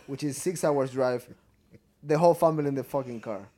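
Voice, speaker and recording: A man's voice: mid-range voice, brisk, warm tone, soft background music. Man from Ecuador, English. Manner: broken English, swears casually. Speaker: podcast co-host. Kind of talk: casual chat.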